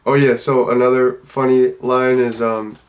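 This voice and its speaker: A man's voice: mid-range voice, little pitch movement, normal speed. A man giving a casual, loose and rambling spoken review of a film. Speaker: movie reviewer.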